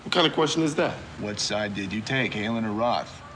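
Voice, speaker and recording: An actor playing a suspicious young rock musician who quizzes a visitor in a film scene. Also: male voice, lowish voice, animated, brisk, fairly bright tone, slight background noise. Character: suspicious young male rocker. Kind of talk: film dialogue.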